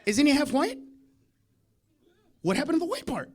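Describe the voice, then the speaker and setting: A man doing a stand-up comedy set on a club stage, loud and profane, swinging between shouting and muttered asides. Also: extremely high pitch, very animated, normal speed. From United States.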